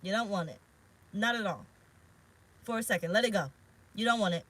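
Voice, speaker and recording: A woman's voice: medium pitch, fairly quick, fairly bright tone, low-quality recording. A woman tarot reader talking casually in a vlog, rambling and frank, swearing now and then. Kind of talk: casual spiritual vlog talk. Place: parked car.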